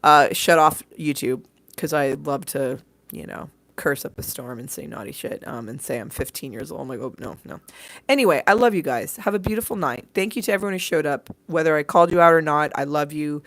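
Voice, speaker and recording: A hoarse woman hosting a livestream, talking casually and playfully, swearing freely and sending her viewers love as she signs off. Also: low-pitched, a little fast, a bit bright, no room sound, poor audio. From southern California. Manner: chatty, swearing, playful and affectionate. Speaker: livestream host. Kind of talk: casual livestream sign-off chat. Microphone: desk microphone.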